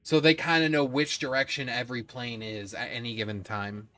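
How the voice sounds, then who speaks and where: A man's voice: mid-range voice, fairly even intonation, a little fast, sharp tone, soft background music. A man narrating a tabletop game as game master, casual and laughing, with some profanity.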